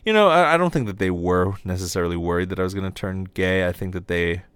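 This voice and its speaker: Profane ranting man, low dry voice. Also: lively intonation, fast, clean tone, no echo. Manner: profane, exasperated ranting with sudden high-pitched outbursts. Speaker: comedy podcast host. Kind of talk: casual ranting monologue.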